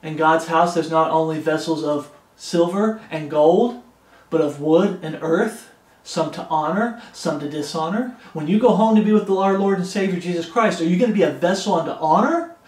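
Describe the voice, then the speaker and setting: A man preaching in a high, emphatic voice, repeating his warnings over and over and reading scripture aloud. His sermon rings out in a noticeably echoey room. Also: normal speed. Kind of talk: expository Bible sermon.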